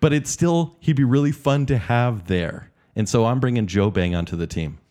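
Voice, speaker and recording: A man's voice: mid-range voice, normal speed, dark tone. A man co-hosting a casual podcast chat about movies, enthusiastic and talking in long runs. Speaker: podcast co-host.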